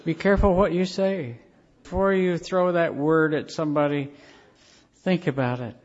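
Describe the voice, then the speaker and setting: A male pastor delivers a sermon as an earnest storyteller, leaning on slow, weighted phrases. His voice sits a little high for a man. The recording is dull and lo-fi. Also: fairly even intonation.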